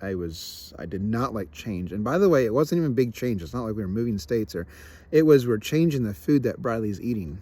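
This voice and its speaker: A young man with a lowish voice talks straight to the camera in a reflective personal vlog. He is candid and self-deprecating, and he often stops, restarts and repeats his words as he works through his thoughts. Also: lively intonation, fairly quick, mellow. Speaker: vlogger.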